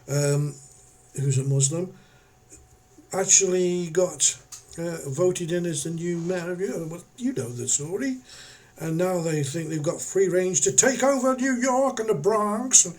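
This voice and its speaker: Older vlogger, high-pitched, rambling and sarcastic. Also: male voice, darkish tone. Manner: rambling, sarcastic, restarts often. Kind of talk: casual commentary vlog.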